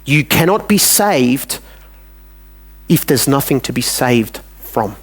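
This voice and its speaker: A man's voice: mid-range voice, sing-song, takes it slowly. A man with an Australian accent preaching a sermon in a church, talking plainly and acting out little dialogues with God.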